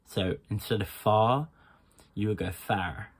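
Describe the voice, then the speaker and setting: A man's voice: on the low side, measured pace. A man with a Birmingham accent giving a casual accent tutorial, talking loosely with lots of ums and stopping to demonstrate sounds. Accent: Birmingham English. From England. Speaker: accent coach.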